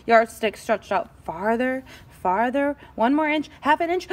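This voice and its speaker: A woman teacher reads a picture book aloud to her class, taking her time over every line. Her voice is fairly high and swoops up and down as she builds suspense with gasps and pauses. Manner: expressive, with gasps and dramatic pauses.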